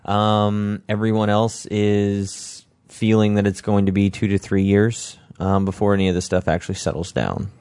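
A man's voice: lowish voice, flat delivery, moderate pace, hardly any pauses, a little mellow, smooth, dry recording. A man hosting a podcast in casual chat, teasing his co-host.

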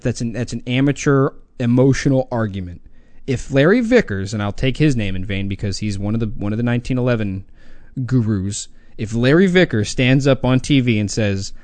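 A man's voice: mid-range voice, darkish tone, no room sound. Male podcast co-host, opinionated ranter, dry booth sound. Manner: blunt, profane, mocking. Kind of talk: opinionated casual podcast rant.

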